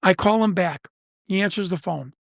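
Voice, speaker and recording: A man from Chicago, an investigator and podcast guest, telling a story fast with many repeated words and restarts. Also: sits high, vocal fry, dry recording, studio quality. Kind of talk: animated storytelling in an interview.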